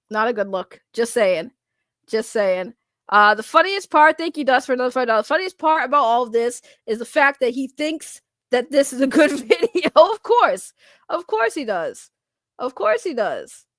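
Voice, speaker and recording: A woman with a high voice hosts a casual reaction livestream. She rambles through chat messages in loose trash talk that often breaks into laughter. Her voice sounds close and dry. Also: a bit bright, dry recording. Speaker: streamer.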